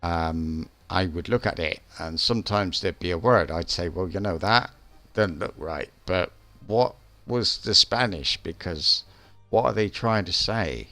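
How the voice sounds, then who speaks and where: A man with a deep voice talks slowly and loosely over a live game stream, wandering and restarting his sentences. The sound is dry and close, with faint music underneath. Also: sharp tone, no echo. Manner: rambling, hesitant, with many restarts and fillers. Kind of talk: casual chat during a live game stream.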